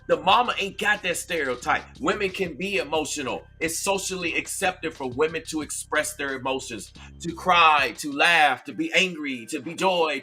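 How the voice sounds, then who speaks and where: A man's voice: a little high, pushed and bright. A man hosting a live-stream commentary, talking straight to viewers and reading chat, with an emphatic, repetitive, preachy delivery. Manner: conversational, addresses viewers directly. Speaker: commentary channel host.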